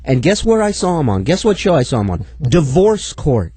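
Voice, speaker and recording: A man's voice: a little high, sing-song, quick pace, dark tone. A man co-hosting a radio show, ranting crudely and indignantly in casual banter. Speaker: radio co-host.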